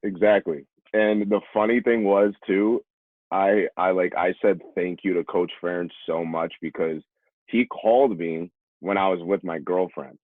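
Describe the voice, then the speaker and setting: A young New Yorker who used to be a college running back tells casual stories as a podcast guest, imitating the voices of people he quotes. He has a deep, steady voice and a measured pace, heard over a tinny, phone-like remote line that is dry with no echo.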